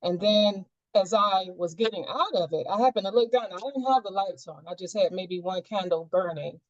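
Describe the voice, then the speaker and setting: A woman's voice: medium pitch, normal speed, no echo, highs cut off. A woman sharing a personal experience in a group coaching session, reflective and searching, with many fillers.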